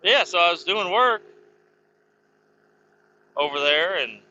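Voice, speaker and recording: Heard through dull audio with slight background noise, this man speaks in a high, expressive, pushed and bright voice, taking it slowly. A vlogger driving in his car, he casually tells rambling, profane tales from his past and chuckles now and then.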